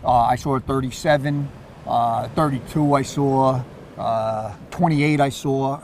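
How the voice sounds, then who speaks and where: A man with a New York accent, chatting casually about fishing and telling animated stories, repeating and restarting his words. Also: mid-range voice, a little slow, a little hiss or hum. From Queens, New York. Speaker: surf fisherman. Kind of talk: casual chat.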